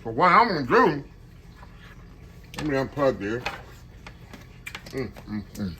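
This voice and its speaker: A man's voice: medium pitch, big pitch swings, takes it slowly, heavy background noise. A man from Texas with a Texan accent, chatting folksily to viewers while cooking at home and calling them y'all. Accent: Texan Southern. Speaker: cooking channel host. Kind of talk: casual home cooking vlog. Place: home kitchen.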